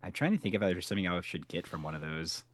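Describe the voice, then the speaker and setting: A man co-hosting a podcast, chatting about a TV episode with quick, teasing quips. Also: low-pitched, lively intonation, no echo. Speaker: podcast co-host. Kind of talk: casual chat about a TV episode.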